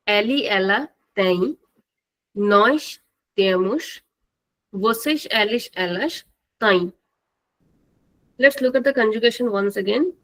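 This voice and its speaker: A woman teaching a live online language class, slow and patient, repeating words for the students to drill. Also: fairly high pitch, poor audio.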